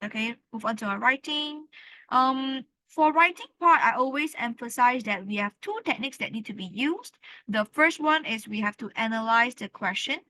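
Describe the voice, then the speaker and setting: Woman English teacher; bright, fairly high voice; patient, repeats words. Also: lively intonation, poor audio. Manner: explains slowly, repeats key words, says "all right" often. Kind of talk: classroom lesson.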